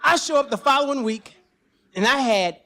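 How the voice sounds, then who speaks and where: A man telling a personal story on stage at a live storytelling event, animated and profane, at times breaking into shouts. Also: very high-pitched, normal speed, slight background noise.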